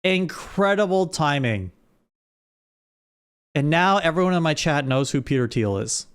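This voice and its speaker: A man's voice: fairly high pitch, lively intonation, unhurried, smooth. A man streaming live, chatting casually with his audience and often restarting his sentences. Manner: rambling, with frequent restarts.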